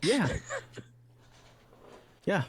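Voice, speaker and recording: A man running a tabletop game as dungeon master, describing scenes with many pauses and fillers. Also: a crowd in the background. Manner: unhurried, halting, full of fillers.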